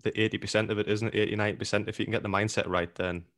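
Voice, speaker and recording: A man with a fairly low voice co-hosts a podcast and works as a personal trainer. He talks casually and rambles, often restarting his phrases. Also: little pitch movement, rapid-fire, a bit bright.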